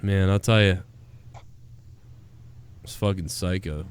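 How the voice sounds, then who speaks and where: A man's voice: sits low, steady tone, slow pace, smooth. A man co-hosting a podcast, prompting a friend with crude, teasing questions. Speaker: podcast co-host. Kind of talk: casual chat.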